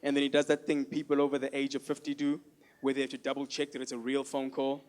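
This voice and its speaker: A man performing a stand-up comedy set, animated and loud, acting out the voices of the people in his stories. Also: medium pitch, quick pace, heavy background noise.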